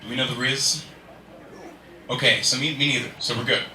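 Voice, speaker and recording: A man's voice: medium pitch, fairly even intonation, brisk. A man doing a rambling, self-deprecating stand-up comedy set on a club stage. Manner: rambling, self-deprecating, chatty asides to the crowd. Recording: echoey room, from far off, faint noise.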